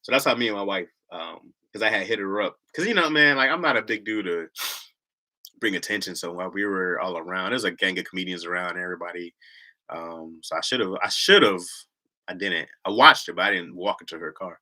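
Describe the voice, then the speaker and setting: A man telling comedic stories in a casual, animated way, putting on loud mocking voices and laughing often. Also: low voice, fairly quick.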